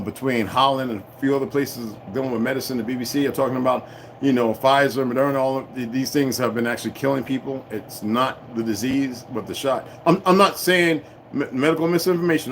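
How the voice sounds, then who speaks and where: This is a man running a casual livestream, speaking at an ordinary middle pitch. He rants freely and swears often, wandering off on side tangents. A faint noise sits under his voice. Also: rough recording. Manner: profane, emphatic, loose and digressive. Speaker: livestream host reading viewer comments. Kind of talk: rambling casual rant to live viewers.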